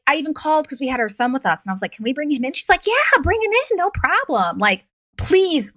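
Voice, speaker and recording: A middle-aged woman hosting a podcast, telling a story in a sarcastic, profane and animated way. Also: fairly high pitch, poor audio. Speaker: podcast host. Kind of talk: casual storytelling monologue.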